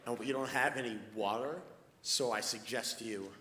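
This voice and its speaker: A man doing stand-up comedy on a live stage, speaking at a middling pitch. His voice rings through a big echoing hall, with a steady murmur of noise behind it. He tells a story and builds each bit up to a shouted punchline. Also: moderate pace. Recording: echoey hall with crowd noise.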